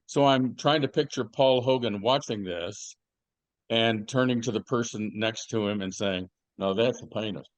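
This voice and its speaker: A man's voice: mid-range voice, normal speed, no echo. A man co-hosting a podcast, chatting casually and telling rambling stories with plenty of fillers and restarts. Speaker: podcast co-host. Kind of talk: casual chat.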